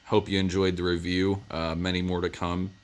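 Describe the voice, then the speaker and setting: A man's voice: low voice, level tone, moderate pace. A man giving a casual movie review, rambling through the plot with lots of "uh" and "um". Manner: rambling plot retelling with many fillers.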